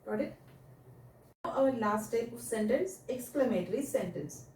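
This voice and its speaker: A woman teacher who goes through a grammar lesson step by step, asking small checking questions as she goes. Her voice sits a little high but sounds mellow and soft-edged. She is heard from a distance in a roomy, echoing space with a faint hiss behind. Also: expressive, normal speed. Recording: echoey room, voice off mic.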